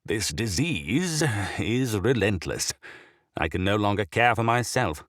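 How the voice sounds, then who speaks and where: A man voicing a massive, sickly old bishop who speaks in a loud, raspy, growling voice, slow and heavy with weariness. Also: fairly low pitch, sing-song, dry recording, studio quality, voice pushed up. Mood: grave, weary.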